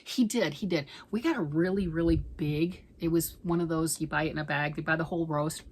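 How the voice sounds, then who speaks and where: A middle-aged woman vlogging at home about knitting, chatting in a rambling way and often sinking into a soft near-whisper. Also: low-pitched, fairly quick, breathy edge, poor audio. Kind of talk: casual chat.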